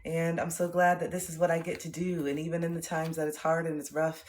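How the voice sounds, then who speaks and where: Low-voiced woman streamer in echoey room. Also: a little fast, slight background noise. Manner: reflective, spiritual, breaks into laughter and excited chanting. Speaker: livestreamer. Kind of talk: casual livestream talk. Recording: roomy echo.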